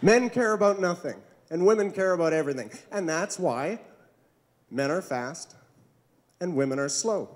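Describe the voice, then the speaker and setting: A man's voice: a little high, expressive, moderate pace. A man doing a stand-up comedy set on a club stage, with awkward, self-deprecating jokes that he chuckles at himself.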